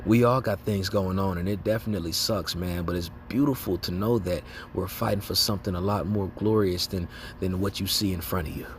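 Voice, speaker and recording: A man's voice: low voice, fairly even intonation, a little fast, hardly any pauses, slight background noise. A man giving an informal religious exhortation, talking casually in slang, tagging lines with "man" and "okay?" and laughing as he acts out reactions. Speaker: lay preacher.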